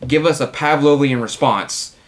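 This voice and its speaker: A man's voice: mid-range voice, normal speed. A man co-hosting a casual podcast, ranting animatedly and laughing often. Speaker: podcast co-host, artist.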